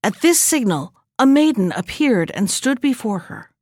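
A woman narrating an old fairy tale at a steady, even storytelling pace. Her voice sits somewhat high, and the recording is dry and close with no room sound. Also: moderate pace, no echo. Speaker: reader.

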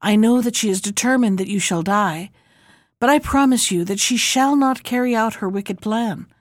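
A woman voicing a kind, wistful young man in a storybook reading, speaking softly and gently. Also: a little high, moderate pace, dry recording, studio quality, natural voice. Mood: gentle.

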